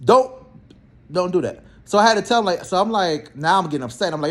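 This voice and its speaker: Blunt, animated man telling work stories. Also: sits high, fairly quick. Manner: blunt, animated, slangy, acts out both sides of conversations. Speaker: therapist in healthcare. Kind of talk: casual storytelling vlog.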